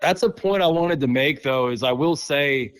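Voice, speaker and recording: A man's voice: on the high side, moderate pace, clear, resonant tone. Laid-back man talking shop as a guest. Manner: relaxed, candid, self-deprecating humor. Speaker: professional duck guide. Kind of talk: casual podcast interview.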